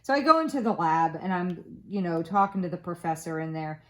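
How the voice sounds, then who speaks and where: In a crafting vlog, a woman in her forties chats casually and rambles through stories, filling them with lots of ums and uhs. Her voice is fairly low, her intonation lively, and her pace brisk.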